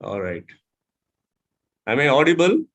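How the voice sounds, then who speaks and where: An Indian man mentors a club audience on syllable stress in an instructional talk, spelling out letters, repeating words, and quizzing the room. His mid-range voice is sing-song and a bit bright, and he speaks at a measured pace.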